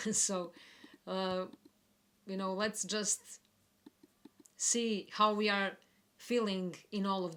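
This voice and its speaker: Woman, astrology forecaster; slow, gentle, reflective delivery at mid pitch. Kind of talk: spiritual forecast talk.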